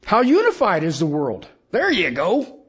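A middle-aged man preaching a sermon in a folksy, emphatic way, swinging from loud points to hushed lines. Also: sits high, huge pitch swings, unhurried, slightly rough. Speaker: pastor.

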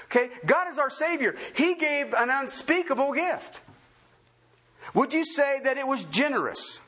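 A man's voice: very high-pitched, unhurried. A man preaching a sermon, full of questions put to his listeners. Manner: animated, asks the congregation many questions. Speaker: pastor.

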